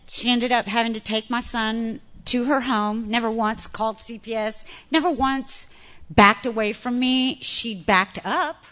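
Woman, candid testimony speaker, high and bright, laughs easily. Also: a little slow. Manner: candid, animated, laughs often. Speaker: speaker sharing recovery story. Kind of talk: personal testimony to an audience.

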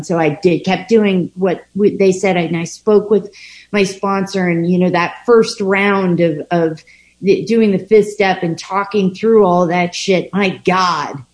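A woman with a slightly low voice tells her own recovery story. She talks frankly and swears often. She stops, restarts and circles back as she goes. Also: darkish tone, low-quality recording. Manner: halting and frank, heavy swearing, many restarts. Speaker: person sharing a recovery story. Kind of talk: candid personal storytelling.

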